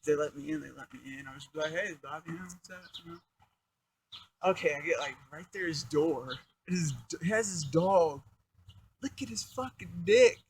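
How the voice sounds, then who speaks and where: A man's voice: a little high, moderate pace, slight background noise, low-quality recording. A young man telling a crude life story in a casual, rambling, profane way, full of fillers.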